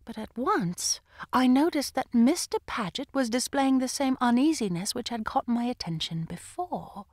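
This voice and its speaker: A woman narrating an audiobook in the first person, with an expressive, lively delivery. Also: a little high, moderate pace, dry recording, clean studio sound. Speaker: audiobook reader. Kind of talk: scripted narration.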